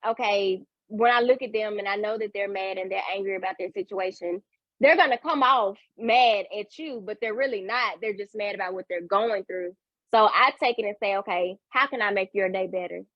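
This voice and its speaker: A woman speaking as a peer mentor in a webinar conversation, telling her story with lively acted-out quotes. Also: medium pitch, a little fast, dry recording, muffled recording.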